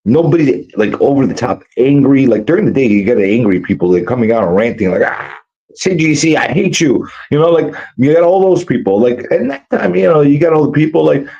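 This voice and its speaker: A tired man rambling in a casual, profane livestream chat, sounding rough from no sleep and cigarettes. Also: mid-range voice, animated, fast, few pauses, mellow. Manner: rambling, profane, full of restarts and fillers. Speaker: guest on a livestream. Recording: dull lo-fi stream audio.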